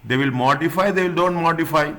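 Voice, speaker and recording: A man's voice: fairly high pitch, fairly quick, a bit bright. A man tutoring an accounting class. He repeats his points, rephrases often and keeps checking that students follow. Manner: restarts and rephrases often, non-native phrasing. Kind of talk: classroom lecture.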